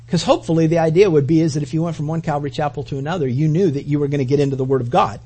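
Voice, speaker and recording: A man pastor giving a conversational sermon, preaching with animated quoted asides. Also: on the high side, rapid-fire, hardly any pauses, slightly rough.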